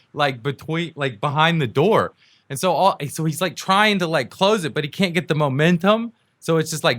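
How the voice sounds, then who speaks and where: A man's voice: fairly high pitch, pushed and bright, dry recording. A man hosting his own show, telling a story in a loose, casual way and often laughing as he acts out the people in it. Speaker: podcast host.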